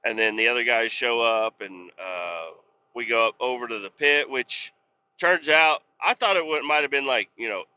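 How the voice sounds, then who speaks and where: A podcast host telling a rambling work story in a casual, profane, exasperated way. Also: male voice, mid-range voice, normal speed, pushed and bright, smooth, dull audio.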